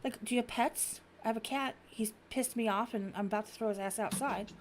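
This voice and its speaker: The recording is very noisy, but the woman's voice comes through a little high and a little fast. She's a podcast host in her thirties, an animated storyteller chatting casually and cursing freely.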